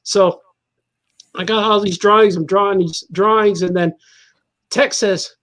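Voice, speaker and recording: Laughing cartoonist telling a story. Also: male voice, sits high, fairly even intonation, measured pace, fairly bright tone. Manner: laughing storyteller who acts out the people in his tales. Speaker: cartoonist guest. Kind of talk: casual anecdote telling.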